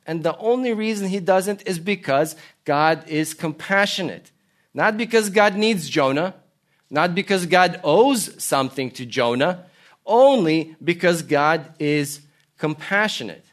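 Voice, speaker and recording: A man delivers a sermon in an earnest preaching manner. His voice sits a little higher than most men's. He moves between stories and rhetorical questions to the congregation. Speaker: pastor.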